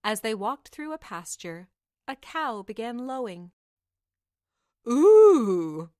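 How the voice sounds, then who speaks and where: Woman narrating a fairy tale, slow, gentle, measured, dry close sound. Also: a little high, expressive, no room sound. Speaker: audiobook narrator. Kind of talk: storybook narration.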